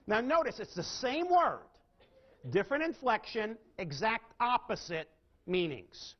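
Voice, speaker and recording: In this dull lo-fi recording, a man with a high, very animated voice leads a live sales training session at a measured pace. He poses questions to the audience and keeps varying his emphasis and speed.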